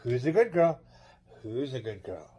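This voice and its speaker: A man's voice: medium pitch, very animated, a little slow, dark tone. A man voicing a doting pet owner who coos at a dog in a sing-song way. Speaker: caller.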